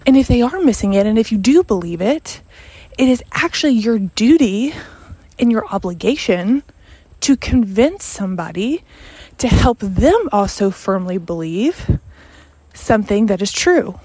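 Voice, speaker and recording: A woman's voice: on the high side, warm tone, no echo. Earnest, emphatic woman hosting a podcast. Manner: earnest, emphatic, conversational with frequent "like" and "you know". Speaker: podcast host and sales coach. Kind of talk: casual podcast monologue.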